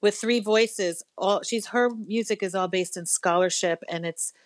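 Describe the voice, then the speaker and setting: Animated, swearing woman musician storyteller. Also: mid-range voice, measured pace, dry recording. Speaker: guest musician, cellist. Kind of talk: casual interview storytelling.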